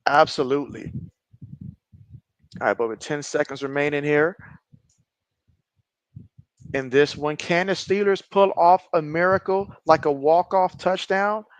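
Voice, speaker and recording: A man hosting a livestream and giving excitable play-by-play commentary as he watches a football game, reading viewer comments aloud between plays. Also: unhurried, long pauses, clean tone, no room sound. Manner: excitable, gets louder and higher during plays; reads viewer chat aloud. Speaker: livestream host.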